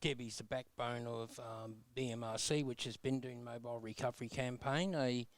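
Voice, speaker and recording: A man, a guest on a radio show, speaking haltingly with many ums. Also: medium pitch, steady tone, no room sound.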